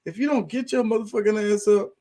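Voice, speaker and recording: Guy doing a rude cat voice, high and whiny, cussing out its owner for food. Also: steady tone, brisk, dark tone. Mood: demanding. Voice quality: high, mocking, profane. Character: rude impatient house cat, demanding food.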